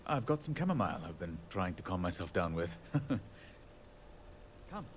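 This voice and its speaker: Here a low-pitched, sing-song male voice at moderate pace plays a tired handyman character who puts himself down. Over game music and some background noise, he chats ruefully, apologizing and laughing lightly.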